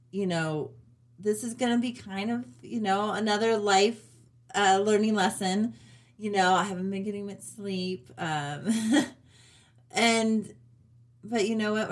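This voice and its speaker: Chatty woman in her forties, full of fillers. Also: mid-range voice. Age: 40s. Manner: chatty, many fillers and laughs, addresses viewers. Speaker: vlogger. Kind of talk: casual personal update.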